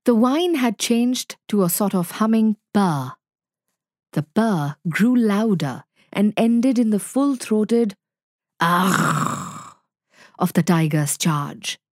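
A woman reading a story aloud clearly and expressively for learners to follow. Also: mid-range voice, darkish tone, no room sound, studio quality. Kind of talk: slow read-aloud for learners.

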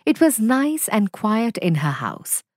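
Woman reading a kids story for english learners, slow and clear, lots of melody, dry sound. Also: on the high side, very animated, a little mellow, no echo. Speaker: narrator. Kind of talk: scripted narration for language learners.

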